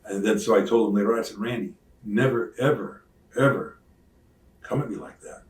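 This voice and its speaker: Speaking a little fast in a lowish voice, an older man who used to wrestle recounts stories casually in an interview, lively and performing others' lines himself. The mic is distant, so the sound is roomy.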